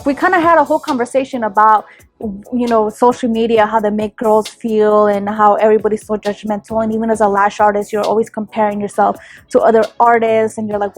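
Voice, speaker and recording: A young woman lash artist telling her viewers a story in an animated, chatty way, full of fillers. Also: on the high side, normal speed. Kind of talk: storytime vlog.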